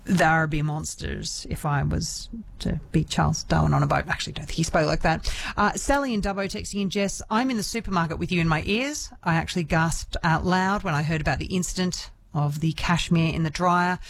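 A woman's voice: on the low side, quick pace. A woman hosting a local radio show, chatty and self-deprecating, laughing easily. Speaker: radio host. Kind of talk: casual radio chat.

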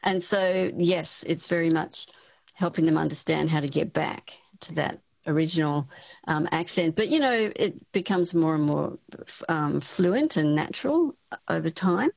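A woman's voice: low voice, lively intonation, measured pace, vocal fry, darkish tone, no echo. Chatty woman explaining on a dull line. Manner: explanatory, chatty, many fillers. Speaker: speech pathology professor. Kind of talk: radio interview guest.

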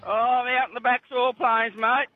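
A man's voice: very high-pitched, level tone, normal speed, over music. A man with a broad rural Australian accent, calling in to a radio show and chatting in a laconic, dryly humorous way. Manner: laconic, dry humour, says "mate" a lot. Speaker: caller. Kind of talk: casual radio phone-in chat. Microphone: phone. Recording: tinny phone line.

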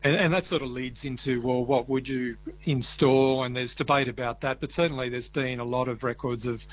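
A man, a wildlife ecologist, explaining his research in a radio interview, measured and hesitant with many restarts. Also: medium pitch, steady tone, low-quality recording.

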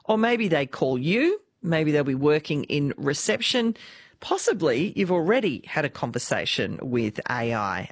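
A woman with an Australian accent hosting a talk radio show, lively and chatty. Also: rumbling low. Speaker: radio host.

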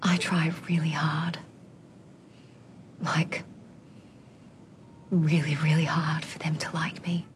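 An actress playing a young woman with an Australian accent, confessing in a hushed, half-whispered voice in a film scene. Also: low-pitched, level tone, slow pace, long pauses, a little hiss or hum. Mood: confessional.

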